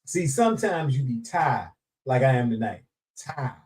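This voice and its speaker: Animated man chatting on a live show. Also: mid-range voice, measured pace. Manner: animated, laughing, playful Southern Black vernacular. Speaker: live show host greeting viewers. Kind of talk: casual live-stream chat. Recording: voice somewhat distant from mic.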